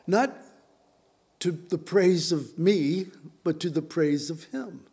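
A man's voice: on the high side, animated, slow, warm tone, husky. A man preaching a sermon in an earnest, emphatic, urgent way.

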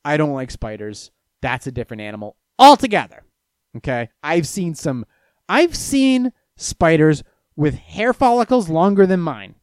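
Hanging out with his stream, a man from Florida, USA, tells stories and fields chat questions in a meandering, foul-mouthed style. His voice is smooth at a normal speed, with animated shifts in pitch and volume. The recording is dry and studio-quality.

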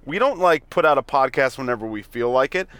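A man's voice: medium pitch, animated, fairly quick, fairly bright tone, smooth, no echo. A man co-hosting a podcast in casual chat, bantering and joking while recording inside a car. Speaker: podcast co-host.

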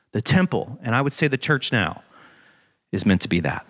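A man preaching a sermon in an animated, conversational way, with dramatic scripture readings. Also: high-pitched, normal speed. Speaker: pastor.

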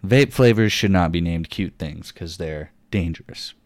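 A man hosting a casual podcast chat, laughing often and acting out quotes in animated voices. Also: sits low, moderate pace. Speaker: podcast host.

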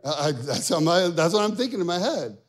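A man's voice: on the high side, big pitch swings, a little fast. A man, a pastor in his younger adult years, preaching a sermon in a conversational, joking way and acting out people's inner thoughts.

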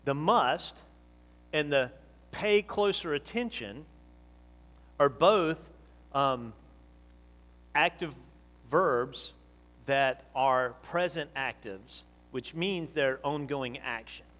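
A man delivering a sermon, his voice sitting a bit high for a man. He swings between loud, emphatic exhortation and quiet, explanatory teaching. His words ring out with the long reverb of a church hall. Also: drawn-out words, pauses often. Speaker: pastor.

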